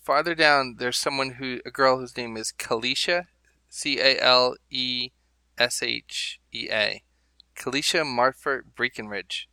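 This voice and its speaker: A man talks through a loose, rambling podcast chat with amused asides. His voice is very bright and forward, recorded completely dry with no room sound, at an ordinary pitch. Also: measured pace, smooth, no echo. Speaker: podcast co-host. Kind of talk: casual chat.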